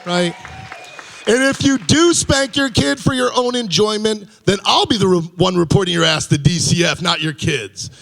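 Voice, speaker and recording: A man's voice: sits high, normal speed, gravelly, fairly bright tone, faint music behind. A middle-aged man doing a stand-up comedy set on a club stage, rambling loosely and chuckling at his own punchlines.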